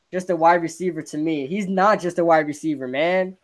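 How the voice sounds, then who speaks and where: A young man with a high voice hosts a casual sports podcast. He rants about football with excitable energy and laughs often. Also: a little fast, hardly any pauses. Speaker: podcast host.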